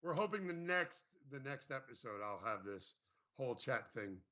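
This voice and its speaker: A man hosting a casual live-stream interview over a video call, talking haltingly with many restarts. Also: mid-range voice, very animated, bright, forceful tone. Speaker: host. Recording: dull lo-fi stream audio.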